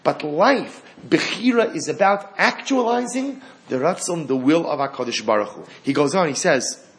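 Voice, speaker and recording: A man teaching a Torah class, animated, asking rhetorical questions and acting out the lines of the story. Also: a little high, moderate pace.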